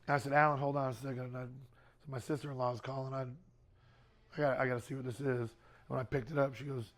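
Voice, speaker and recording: A man's voice: medium pitch, fairly even intonation, fast. A middle-aged man speaking to a youth group in a casual, conversational way, often repeating words and using fillers.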